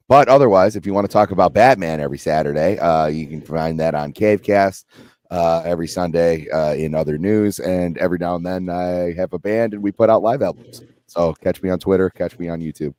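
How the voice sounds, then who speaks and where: A man co-hosting a casual podcast with deadpan, mock-solemn jokes. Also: sits low, a little fast, dry recording. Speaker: co-host. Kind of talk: casual chat.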